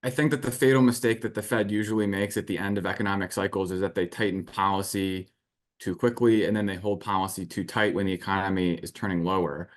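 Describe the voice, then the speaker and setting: Man, guest analyst, low voice, very fast delivery, analytical, jargon-heavy. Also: fairly even intonation. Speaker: research firm guest. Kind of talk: analytical interview answers.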